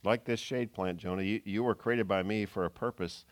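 A man preaching a sermon in an earnest way, moving between loud emphasis and soft, low asides. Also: steady tone, normal speed. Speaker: pastor.

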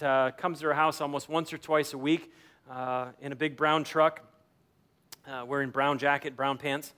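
A man's voice: on the high side, steady tone, moderate pace, a bit bright, smooth. A man pastor giving a sermon in a conversational way, acting out everyday dialogue as he makes his points. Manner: conversational preaching, acts out quoted dialogue.

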